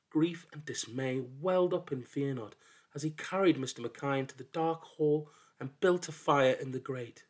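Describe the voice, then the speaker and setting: A man narrating a folk tale in an expressive, dramatic storybook reading that drops into hushed lows. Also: normal speed.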